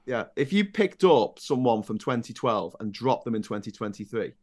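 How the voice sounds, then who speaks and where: Animated man telling a story. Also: medium pitch, normal speed. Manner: animated storyteller, dark humor. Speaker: podcast co-host. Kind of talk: casual political chat.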